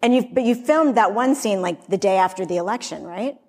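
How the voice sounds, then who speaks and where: A woman interviewer asking relaxed follow-up questions in a conversational way. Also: medium pitch, fairly quick. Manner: relaxed, laughs along, asks follow-ups.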